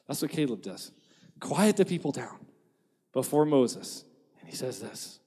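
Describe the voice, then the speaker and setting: Joking pastor with a lively voice. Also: male voice, fairly high pitch, moderate pace, slightly rough. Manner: joking, animated, acts out quotes. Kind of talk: lively sermon. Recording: long reverb of a large hall.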